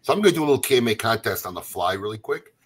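A man's voice: on the low side, big pitch swings, racing, slightly rough. A man hosting a radio talk show, chatting casually and laughing easily. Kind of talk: casual chat.

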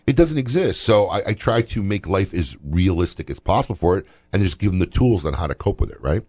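A man's voice: low voice, lively intonation, fairly quick, dark tone. A male radio talk show host telling a story in casual banter, often tagging lines with "right?".

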